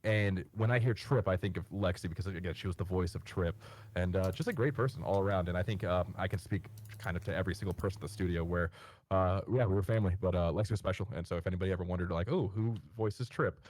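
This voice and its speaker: A man guest on a podcast, telling rambling stories with many fillers and bursting into animated impressions. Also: sits low, quick pace. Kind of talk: casual storytelling chat.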